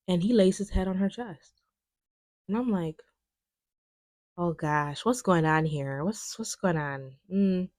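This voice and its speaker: A young woman, chatting in a lively, casual way about a film, with lots of fillers. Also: on the low side, no room sound. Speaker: video essayist. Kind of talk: casual film commentary chat.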